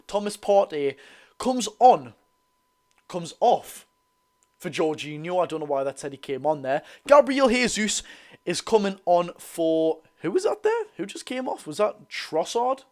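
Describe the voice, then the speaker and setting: A young man with a Geordie accent giving excitable, bantering live commentary on a football match while reading out viewer comments. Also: sits high, a little slow. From North East England. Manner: excitable, banter-filled, reads chat aloud. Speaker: football channel host.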